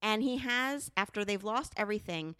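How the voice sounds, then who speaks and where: A woman co-hosting a casual podcast with her partner, talking candidly and profanely, telling stories with animated asides. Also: medium pitch, normal speed, clean tone, no room sound, clean studio sound. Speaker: podcast co-host. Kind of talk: casual couple podcast chat.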